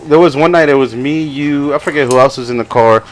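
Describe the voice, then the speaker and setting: This young man, co-hosting a podcast, tells rambling stories in casual chat, often laughing and impersonating the people he quotes. His voice is a little high and he talks a little fast.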